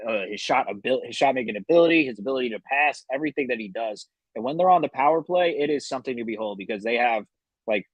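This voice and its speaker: A man's voice: medium pitch, slightly rough, no room sound. Chatty male co-host, dry sound. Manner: enthusiastic, piles on praise with restarts. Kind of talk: casual sports chat.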